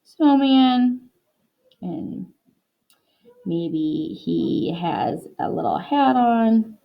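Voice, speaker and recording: A young woman teaching a reading lesson to young children in an upbeat, encouraging way, slowing down to model words clearly. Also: on the low side, animated, lo-fi sound.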